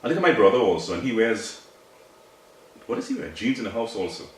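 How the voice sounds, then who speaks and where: A man's voice: on the low side, sing-song, quick pace. A man, co-hosting a casual chat and arguing his points emphatically with rhetorical questions. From Trinidad. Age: 60s. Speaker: podcast co-host. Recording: very echoey room, mic at a distance.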